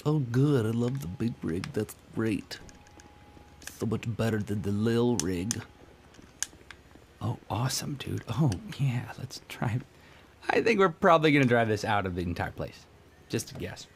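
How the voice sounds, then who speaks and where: A man's voice: fairly low pitch, animated, unhurried, vocal fry, noisy background. Goofy young man joking through gameplay. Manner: goofy, jokey, self-mocking with loud outbursts. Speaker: gaming let's-play host. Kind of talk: casual gameplay commentary.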